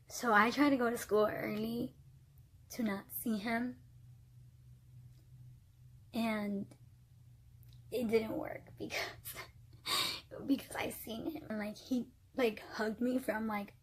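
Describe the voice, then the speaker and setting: A young woman vlogger telling a storytime casually, animated, dropping into whispers and laughs, with a breathy voice. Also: a little high, slow pace, long pauses. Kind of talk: storytime vlog, casual retelling.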